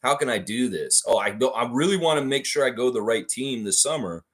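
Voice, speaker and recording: A man voicing a self-absorbed basketball star, fretting in a rushed, fussy way. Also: medium pitch, expressive, a bit bright, natural voice. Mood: fretful. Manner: rushed, fussy mock musing.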